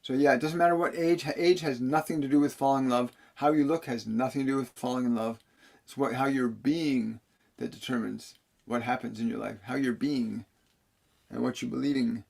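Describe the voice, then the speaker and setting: A man's voice: mid-range voice, fairly even intonation, a little fast, gravelly, a little mellow. A man working as a spiritual medium, reading viewer questions on a live stream and answering them earnestly, often repeating key phrases. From Canada.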